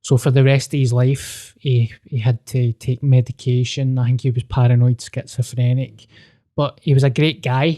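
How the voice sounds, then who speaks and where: A man's voice: medium pitch, normal speed. A man telling a personal story on a podcast, casual and sweary, acting out the dialogue. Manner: sweary, animated, acts out quoted dialogue.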